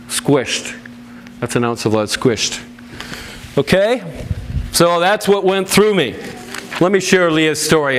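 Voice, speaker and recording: A male pastor tells his story to a gathered audience, reading a written account aloud. His voice sits a bit high for a man. He delivers it earnestly and with feeling, breaking off now and then for plain, chatty remarks to the listeners. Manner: earnest, emotional storytelling with loud raised-pitch quotes; plain conversational asides to the audience.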